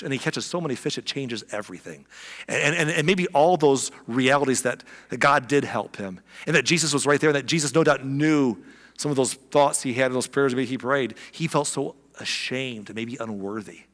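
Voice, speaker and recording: A man's voice: mid-range voice, normal speed, fairly bright tone, in a large hall. A male pastor preaching a sermon in a church, conversational and emphatic.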